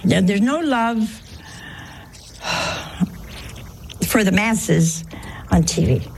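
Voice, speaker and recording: A woman's voice: mid-range voice, lively intonation, very slow, gravelly, darkish tone, slight background noise, poor audio. An older woman, a nun, giving a folksy sermon with chatty, humorous storytelling. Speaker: nun giving a religious talk.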